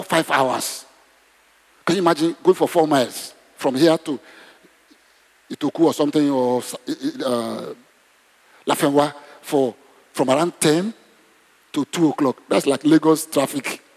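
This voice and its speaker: A man preaching a sermon, animated and exclamatory, leading the congregation in prayer. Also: fairly high pitch, a little slow, breathy edge. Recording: long reverb in a hall.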